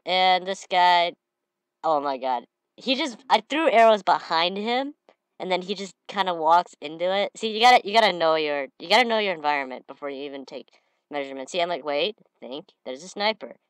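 A slightly sniffly woman giving excitable gameplay commentary, breaking into shouted trash talk. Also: on the low side, a little fast, clean tone, dry recording. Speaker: gamer.

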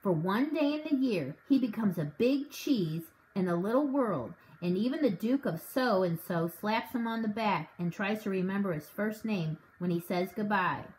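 A woman's voice: mid-range voice, normal speed, few pauses, slight background noise, lightly acted, poor audio. A woman reading as an eager scheming dad. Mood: scornful. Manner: conspiratorial, grows excited. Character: warm scheming father with a broken leg.

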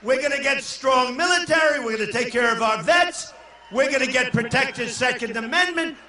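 Older man shouting a rally speech in an echoey hall. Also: very high-pitched, moderate pace, distant mic. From New York. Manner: boastful, rambling, shouts lines to the crowd. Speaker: political candidate at a rally. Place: large indoor arena.

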